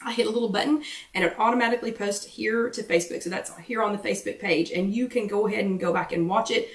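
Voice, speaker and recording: A hoarse woman hosts a casual live-stream chat, greeting viewers one by one. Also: medium pitch, fast talker, distant mic. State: hoarse, losing her voice. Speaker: host of a live weight-loss workshop chat. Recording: roomy echo, voice away from the mic.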